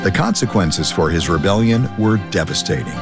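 A man reading a scripted introduction to a radio program in a measured announcer's manner. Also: low-pitched, lively intonation. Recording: music bed behind the voice.

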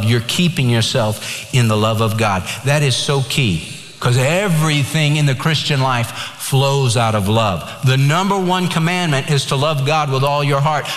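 A man's voice: on the high side, a bit bright. A man preaching a sermon, earnest and direct, quoting scripture and telling a joke along the way. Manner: earnest preaching, tells jokes and quotes scripture. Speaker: pastor. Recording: echoey hall with long reverb.

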